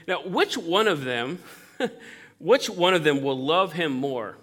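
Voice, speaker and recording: A man preaching a sermon as pastor, conversational and animated, acting out the voices of people in the story he tells. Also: fairly high pitch, slow pace. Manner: animated, conversational, acts out voices in Bible quotes.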